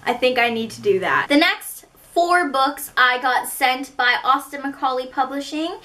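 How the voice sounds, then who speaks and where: Canadian woman, book haul vlogger; high, bright voice; chatty, rambling, pokes fun at herself. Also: moderate pace. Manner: chatty and rambling, with self-mocking asides. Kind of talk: casual book haul chat.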